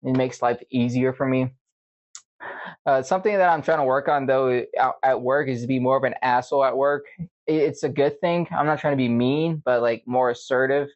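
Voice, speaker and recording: A man's voice: mid-range voice, normal speed. A young man hosting a podcast, talking casually in a rambling, profane, venting way. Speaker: podcast host. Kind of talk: casual monologue. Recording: dull lo-fi recording.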